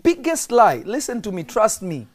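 A man's voice: high-pitched, very animated, moderate pace. A man preaching as a prophet on a podcast, stressing and repeating key lines and quizzing his listeners.

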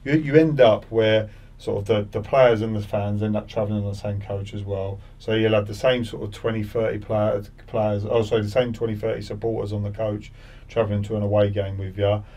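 A man's voice: fairly low pitch, little pitch movement, fairly quick, few pauses, dark tone, far from the mic. A man in his forties, a former footballer, chatting as a podcast guest with many restarts and repeated words. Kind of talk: casual interview chat.

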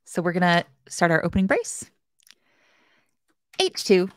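A very animated woman with a low-leaning voice speaks a little slowly while hosting a live web development tutorial for a bootcamp. She keeps things chatty, playful and self-deprecating, talking straight to her chat viewers, and there's no echo.

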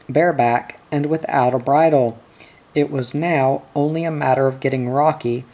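A man narrating a short story in a measured, deliberate reading. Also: medium pitch, dark tone. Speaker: audiobook reader.

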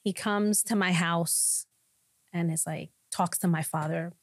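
A woman with a fairly low voice tells her story as a pastor on a podcast. She tells it with animated storytelling, and her voice is recorded close and dry. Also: measured pace, no room sound. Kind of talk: personal testimony in podcast conversation.

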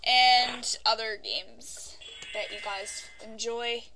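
A woman giving casual let's-play commentary into a desk microphone, chatty and prone to sudden yelps and yelling at the game. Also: on the high side, steady tone, slow, music in the background. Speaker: gaming YouTuber.

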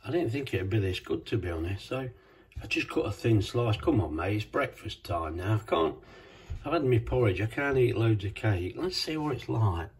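A man's voice: lowish voice, animated, normal speed. A man chatting casually in his home cooking vlog, talking to himself as he tastes a cake. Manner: chatty, self-talking, talks with mouth full.

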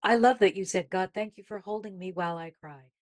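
A woman's voice: medium pitch, a little fast. A woman guest on a faith-based talk show, speaking emphatically and reflectively as she builds her points. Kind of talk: casual faith-based conversation.

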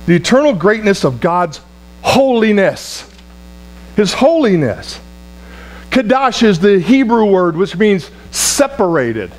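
A man's voice: high-pitched, big pitch swings, slow pace. A man preaching a sermon, emphatic, repeating key words for effect, calling out to the congregation and often restarting his phrases. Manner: restarts and stumbles over words. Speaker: pastor.

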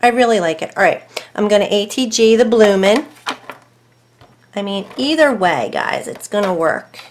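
A woman hosting a casual crafting tutorial at home, chatting to herself and her dogs as she works and thinking aloud over each choice, sometimes dropping to soft murmurs. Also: mid-range voice, animated, normal speed, slight background noise.

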